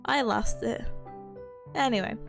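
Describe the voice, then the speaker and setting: A woman's voice: a little high, unhurried, vocal fry, faint music behind. A young woman streamer chatting casually with her viewers, bubbly and giggly. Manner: giggly, bubbly, talks to chat. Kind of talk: casual live-stream chat.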